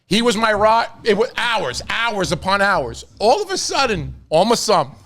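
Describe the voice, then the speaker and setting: A man telling wild stories on a podcast in a loose, profane, animated way. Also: high-pitched, normal speed. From New York. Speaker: podcast host. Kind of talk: casual storytelling.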